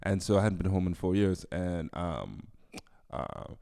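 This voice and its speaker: A man's voice: sits low, a little slow, vocal fry. A man from Rhode Island hosting a podcast, chatting casually and acting out other people's voices as he tells stories. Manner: animated storyteller, acts out voices. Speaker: podcast host. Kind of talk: casual chat.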